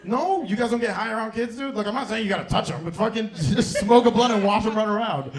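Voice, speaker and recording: A young man with a fairly high voice works a comedy club crowd through a handheld stage mic. His set is loose and profane, and he keeps laughing at his own lines. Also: fast talker, few pauses. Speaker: stand-up comedian and host.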